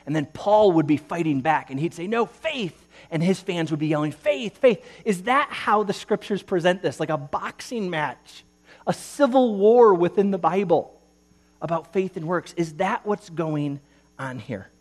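A male pastor preaching a sermon, reading scripture aloud with emphasis and speaking in an animated way. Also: on the high side, moderate pace.

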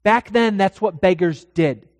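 A pastor delivering a dramatic sermon in a church, swinging from hushed to loud. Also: mid-range voice, measured pace, no room sound, long reverb tail.

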